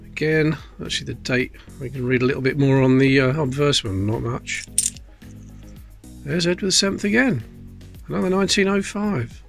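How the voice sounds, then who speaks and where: A man's voice: on the high side, vocal fry, fairly bright tone. A man hosting a coin-collecting video, chatting casually and muttering to himself as he sorts pennies. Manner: chatty, self-mocking, muttering as he looks closely. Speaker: coin collecting channel host. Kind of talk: casual commentary while sorting coins.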